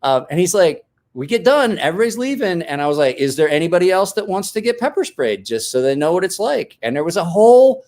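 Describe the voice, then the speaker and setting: Animated man telling stories. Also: fast. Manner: animated storyteller, acts out quotes with big pitch jumps and laughs. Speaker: host. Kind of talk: casual storytelling chat.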